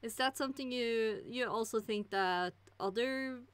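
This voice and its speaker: A woman hosting a casual interview chat, giggling often with soft asides. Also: on the high side, measured pace, smooth.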